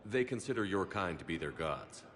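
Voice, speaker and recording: Commander Shepard, a steady military commander. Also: male voice, deep voice, normal speed, background noise. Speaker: player character, military commander.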